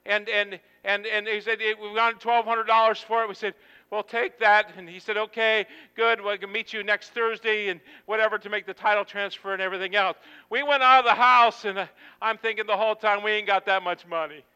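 High bright folksy preacher. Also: male voice, flat delivery, fairly quick, clean tone, in a large hall, highs cut off. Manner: folksy, rambling, acts out quotes. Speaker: pastor. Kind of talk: storytelling sermon.

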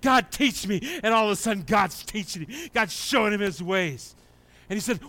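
Fiery high-voiced preacher man. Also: moderate pace. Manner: swings from hushed prayer to shouted, excited preaching. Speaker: pastor. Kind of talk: sermon.

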